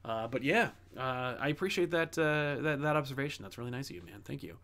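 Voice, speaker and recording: Dude rambling on a comics livestream, lots of uhs and likes. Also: male voice, mid-range voice, animated, brisk, fairly bright tone. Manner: rambling, many fillers and restarts. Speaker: comic book channel host reading viewer messages. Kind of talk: casual livestream chat.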